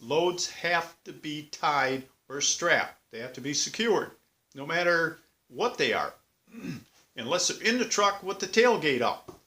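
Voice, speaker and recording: A man's voice: on the high side, expressive, unhurried, pushed and bright. A man voicing a stern middle-aged state trooper who lectures in a matter-of-fact way.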